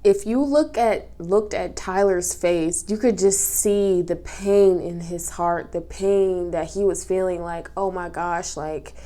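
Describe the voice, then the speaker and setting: A woman's voice: fairly low pitch, slow pace, few pauses, dark tone. A woman chatting casually as she recaps a reality show, emotional and sniffling through tears, with lots of fillers and restarts. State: tearful, sniffling. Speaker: recap vlogger.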